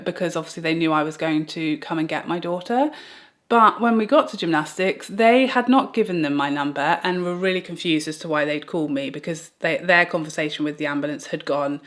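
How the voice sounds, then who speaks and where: A woman vlogger telling a personal story in a get-ready-with-me video, in an earnest, chatty way full of "like". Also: lowish voice. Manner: chatty, earnest retelling with many "like"s.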